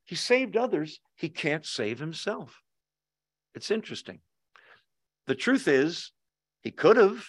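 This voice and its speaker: A man leads a Bible study in a relaxed, joking way, checking in with his listeners through quick questions. His voice sits a little high for a man. The sound is dry and close, with almost no room echo. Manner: conversational, jokey, asks the audience questions. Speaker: pastor. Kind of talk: casual Bible study teaching. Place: church hall, with Zoom viewers.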